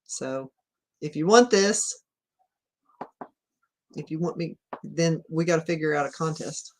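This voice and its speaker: The livestream host, a woman with a Southern accent, rambles easily from her home at night, frequently laughing and reading out comments from viewers. She speaks unhurriedly in a low, darkish voice.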